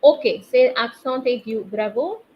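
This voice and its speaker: A woman teaching a live online French class, explaining accents slowly and quizzing her students through the chat. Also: on the high side, breathy edge. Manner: slow, patient, quizzes students via chat. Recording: slightly dull online class audio with faint noise.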